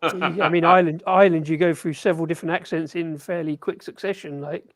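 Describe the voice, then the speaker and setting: A man's voice: fairly high pitch, fairly even intonation, fast. An English man chatting casually, butting in to correct the others. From England. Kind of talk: casual chat.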